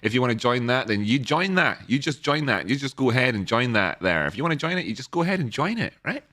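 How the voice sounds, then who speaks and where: A man's voice: medium pitch, sing-song, fast, bright, forceful tone. A man hosting a live trading stream, chatting casually in a jokey, rambling way.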